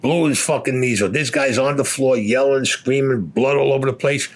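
A man's voice: mid-range voice, moderate pace. An older man, a war veteran, telling a story in an interview in a blunt, profane way, cursing constantly.

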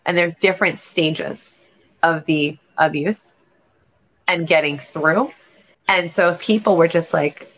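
A woman's voice: fairly low pitch, fairly even intonation, takes it slowly, fairly bright tone. A woman, a realtor and guest on a show, telling a candid personal story in an earnest, rambling way with frequent restarts. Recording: lo-fi dull sound.

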